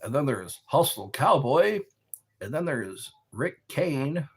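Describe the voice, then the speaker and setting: Man, husky voice, slow meandering live-stream chat, lively pitch. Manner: slow, meandering, talks to viewers. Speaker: livestream host. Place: dark room lit by a candle.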